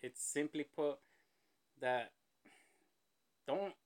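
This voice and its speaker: Male reaction host, slightly high voice, loose rambling asides. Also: drawn-out words. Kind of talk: casual reaction commentary.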